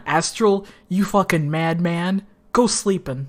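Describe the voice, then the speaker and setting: A woman streaming a game, reacting loudly with laughter, swearing and excited outbursts. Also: mid-range voice, measured pace, pauses often, breathy edge. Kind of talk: casual gaming commentary.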